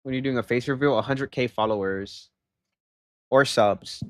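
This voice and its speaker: Animated young male streamer ranting. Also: medium pitch, normal speed, dry recording, clean studio sound. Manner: animated, rambling, emphatic, says "bro" and "okay?". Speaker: livestreamer. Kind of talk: casual livestream chat.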